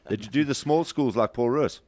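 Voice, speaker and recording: A man's voice: mid-range voice, normal speed, a little mellow. A man hosting a radio show, joking and teasing his guest over a video call. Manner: joking, teasing, laughs often.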